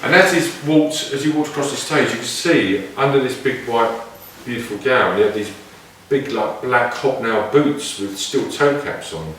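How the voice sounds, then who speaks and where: Speaking in a mid-range, slightly bright voice at a moderate pace with few pauses, a male didgeridoo player shares casual stories that wander, reflect, and often restart. The very echoey room and distant mic add a little hiss or hum.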